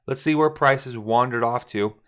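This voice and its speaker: A man's voice: mid-range voice, moderate pace, clear, resonant tone. Man casually talking through trading charts. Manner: relaxed, thinking aloud, self-correcting, addresses viewers directly. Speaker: forex trading coach. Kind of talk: casual screen-share chart walkthrough.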